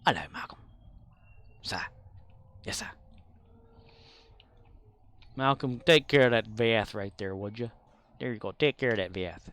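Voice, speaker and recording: A man's voice: on the low side, measured pace, long pauses, a bit bright. Rambling, chuckling man streaming a game. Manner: rambling, chuckling, chatting with viewers while playing. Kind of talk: casual live-stream chat.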